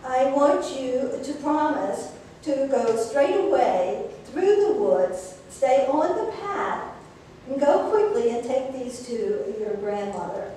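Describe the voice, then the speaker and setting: A caring mother gives firm, careful instructions in a slow, mellow voice, as a woman puts her on. The sound echoes through a large room. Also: high voice, expressive, a little hiss or hum. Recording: echoey hall from far off.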